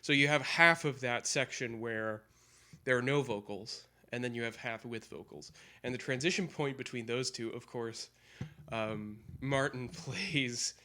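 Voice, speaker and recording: A man's voice: medium pitch, a little slow, bright, forceful tone. A man chatting loosely about a song's drum part, full of fillers, sometimes scatting the rhythms aloud. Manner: rambling, hesitant with fillers, scats drum and guitar patterns aloud. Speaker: drummer explaining a song. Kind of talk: casual practice-session chat.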